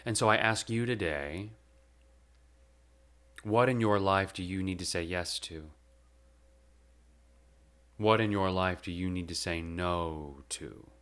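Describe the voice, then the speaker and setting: Young male host, deep and bright-toned, reading a heartfelt eulogy with deliberate pauses. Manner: measured and reflective, with slow emphatic pauses. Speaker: podcast host. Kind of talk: delivering a spoken eulogy.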